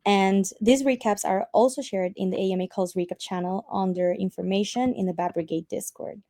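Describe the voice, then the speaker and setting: A woman with a Spanish accent and Spanish as her first language, giving a community call update with frequent pauses and ums. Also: medium pitch, no echo, clean studio sound. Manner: soft-spoken with frequent ums. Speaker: community team member.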